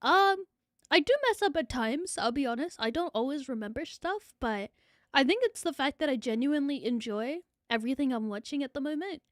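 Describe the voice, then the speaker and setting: High-voiced New streamer woman. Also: expressive, a little fast, dry recording, studio quality. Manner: chatty, rambling, repeats phrases, swears casually. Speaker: VTuber streamer. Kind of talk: casual livestream chat reading viewer comments.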